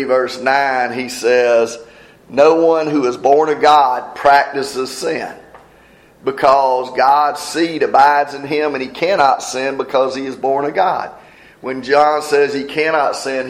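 A man's voice: mid-range voice, fairly even intonation, takes it slowly, reverberant, low-quality recording. A man preaching a sermon in a folksy manner, explaining scripture verse by verse. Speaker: pastor.

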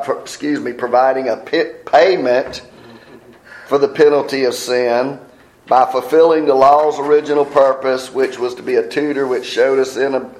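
A man preaching a sermon, often asking the congregation a question and then answering it himself. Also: mid-range voice. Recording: roomy echo.

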